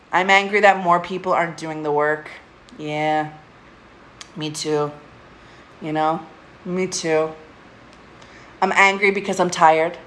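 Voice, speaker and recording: A woman's voice: low voice, steady tone, takes it slowly, long pauses, fairly bright tone, slight background noise. A woman hosting a casual live stream from home, speaking candidly, swearing often and laughing between her thoughts. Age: adult, getting older. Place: at home with a pet.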